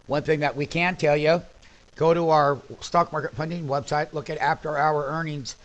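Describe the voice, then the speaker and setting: A man hosting a stock trading show, giving live commentary over a chart and getting excited as he calls out prices. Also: on the high side, lo-fi sound. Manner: excitable, shouting out prices rapidly.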